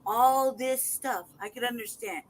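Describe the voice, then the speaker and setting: A man holds forth on a casual livestream in a heated, profane torrent. His voice sits unusually high for a man. He reads documents aloud with open mockery. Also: fairly even intonation, measured pace, rough recording. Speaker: livestream host.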